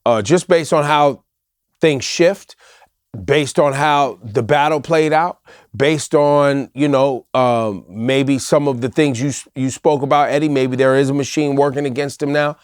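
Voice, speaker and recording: A man hosts a casual panel discussion at an everyday mid pitch, working through his point in measured, roundabout sentences. His voice is close and dry, with no room sound around it. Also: clear, resonant tone, no echo. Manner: measured, thinks aloud with many asides. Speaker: host.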